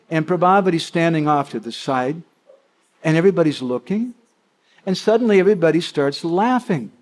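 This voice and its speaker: A man's voice: on the high side, fairly quick. Man telling devotional stories animatedly. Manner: animated, frequently checks in with listeners. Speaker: devotional storyteller. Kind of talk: devotional storytelling talk.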